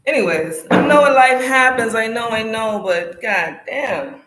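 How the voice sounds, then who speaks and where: A woman's voice: on the high side, measured pace, few pauses, slight background noise. A woman from South Carolina, telling an emotional story in casual, profane vlog chat at home. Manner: animated, emotional storytelling with frequent swearing. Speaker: motorcycle vlogger. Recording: echoey room.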